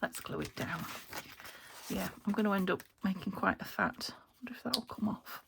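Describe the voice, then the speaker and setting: A British woman crafting a journal, talking to herself as she works and often trailing into soft half-whispers. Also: medium pitch, lively intonation, normal speed, vocal fry. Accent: British English. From United Kingdom. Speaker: craft channel host. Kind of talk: casual crafting commentary.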